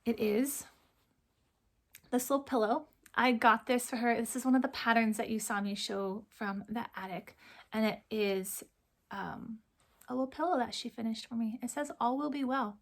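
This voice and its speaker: A woman hosting her cross stitch channel, talking softly and from the heart, close to tears and often dropping to a near whisper. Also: on the high side, fairly even intonation, normal speed. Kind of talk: casual chat to camera.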